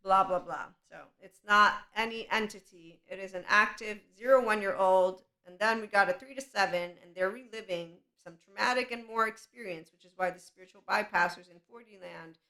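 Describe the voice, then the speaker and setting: A woman podcast host talks through a long, rambling spiritual monologue. She is passionate and laughs often. Her voice is bright and forward, with a mid-range pitch. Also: brisk, few pauses.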